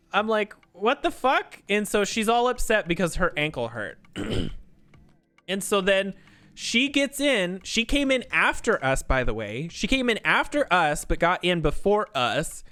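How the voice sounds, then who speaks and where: A man's voice: sits high, sharp tone. A man streamer telling a story in a casual, ranting way, swearing a lot.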